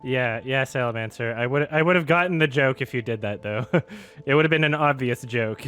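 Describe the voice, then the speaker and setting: A man's voice: mid-range voice, fairly quick, a bit bright, a little hiss or hum. A man streaming a video game, ranting in an exasperated, sweary way and laughing as he talks. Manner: exasperated, sweary, laughing through his rant. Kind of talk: ranting live-stream commentary while gaming.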